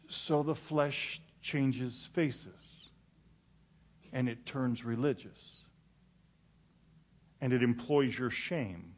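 A male pastor with a mid-range voice preaches a sermon and tells a funny story in an animated way. He stammers and restarts often and pokes fun at himself.

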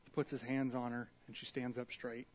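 A man preaching a sermon as pastor, telling the story in an animated way and acting out the quotes. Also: medium pitch, fairly quick.

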